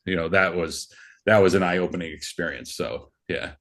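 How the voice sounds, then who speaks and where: Middle-aged guy rambling through old stories, kinda low voice, lots of you know. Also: brisk, a bit bright. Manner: rambling, many restarts and fillers. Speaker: podcast guest, former hockey player. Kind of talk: casual storytelling.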